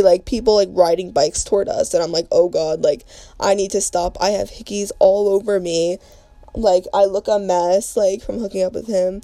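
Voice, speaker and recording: A woman's voice: mid-range voice, warm tone, dry recording. A young adult woman hosting a podcast, telling a story in a casual, rambling way, full of slang and fillers. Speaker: podcast host.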